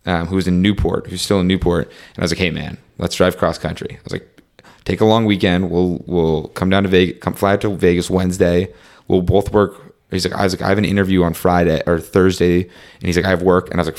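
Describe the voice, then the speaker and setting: A young man telling a long travel story in casual conversation, full of "like" and "um", acting out what he and his friends said. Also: sits low. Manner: rambling, fillers like "like" and "um", reenacts dialogue.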